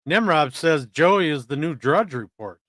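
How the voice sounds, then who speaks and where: A man's voice: fairly high pitch, lively intonation, a little slow, a bit bright, dry recording. Brief: male co-host, blunt and wry, dry close sound. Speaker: co-host reading chat. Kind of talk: casual livestream chat.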